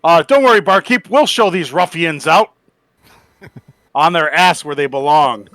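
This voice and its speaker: A man's voice: on the high side, a little slow, fairly bright tone, dry recording, voice pushed up. A man voicing a bold male adventurer who boasts while reassuring a barkeep, in a dry room. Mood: swaggering. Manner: swaggering, boastful.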